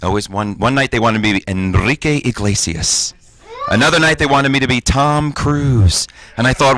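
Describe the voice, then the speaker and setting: A man in his forties performs stand-up on stage before a live audience, with punchy, self-deprecating delivery. His voice is medium-pitched and fairly bright, and he speaks at a moderate pace.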